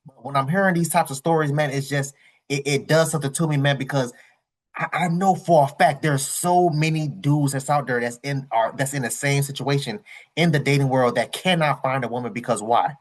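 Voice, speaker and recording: A man's voice: medium pitch, brisk. Slangy, rambling man reacting to a clip. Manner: rambling, repeats himself, slangy and candid. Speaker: reaction channel host. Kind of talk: casual reaction commentary.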